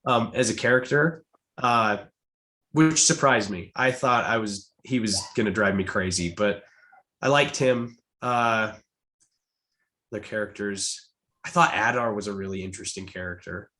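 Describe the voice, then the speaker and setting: A man talking as a podcast guest in casual chat, animated and halting, with frequent repeated restarts. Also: lowish voice. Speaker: guest Tolkien expert.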